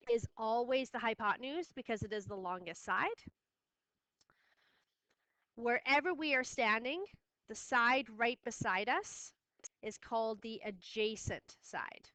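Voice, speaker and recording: A woman's voice: fairly high pitch, bright, forceful tone, dry recording. A woman teaching a math lesson, firm and repeating key steps for her students. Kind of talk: classroom lesson recording.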